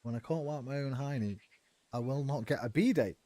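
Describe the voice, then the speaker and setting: A man's voice: mid-range voice, moderate pace, dark tone, no echo. A man giving casual, profane, rambling commentary as he streams a game.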